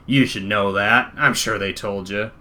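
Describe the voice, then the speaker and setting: Man putting on a shaken thug boss, louder and higher than usual, blustering, defensive. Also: fairly even intonation, measured pace. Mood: pleading. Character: nervous gaudy male thug boss.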